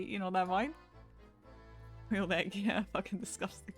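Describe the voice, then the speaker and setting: A woman's voice: medium pitch, steady tone, a little slow, faint music behind. Chatty woman streamer who laughs often. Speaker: live streamer. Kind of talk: casual live-stream chat while gaming.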